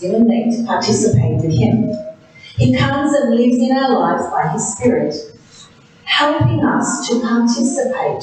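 A woman narrating a Bible story in a slow, deliberate way, in short phrases. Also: on the high side, a little mellow. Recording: very echoey room, distant mic, faint hiss.

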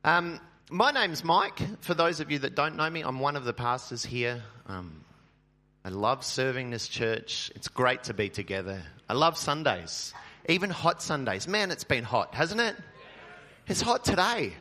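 Bright-voiced joking male pastor. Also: medium pitch, lively intonation, unhurried. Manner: chatty, joking, many filler ums. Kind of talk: sermon. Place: church.

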